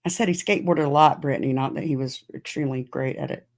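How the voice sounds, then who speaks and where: Her voice is extremely low and her pace quick. She's a middle-aged podcast host in a relaxed live-stream chat, responding to viewers' comments with many fillers.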